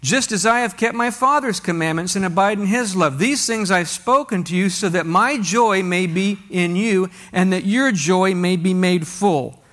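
A man's voice: high-pitched, moderate pace, few pauses, fairly bright tone. A man preaching a sermon to a congregation, reading scripture aloud and asking rhetorical questions in a conversational way. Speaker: pastor.

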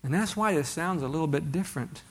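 A man's voice: on the high side, quick pace, husky. A man preaching a sermon to a congregation, reading scripture aloud and asking rhetorical questions in a conversational way. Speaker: pastor.

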